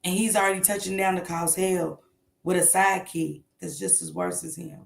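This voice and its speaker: Gravelly-voiced woman hosting a casual show. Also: fairly low pitch, big pitch swings, normal speed, roomy sound. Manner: blunt, emphatic, frequent swearing. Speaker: morning show host. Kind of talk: casual commentary livestream.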